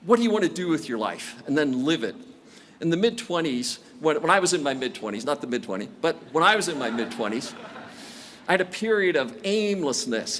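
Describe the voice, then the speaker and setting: A man's voice: medium pitch, fairly bright tone, slight background noise. A man in his sixties giving a commencement speech, telling stories from his career with self-deprecating jokes. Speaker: commencement speaker. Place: outdoor stadium ceremony.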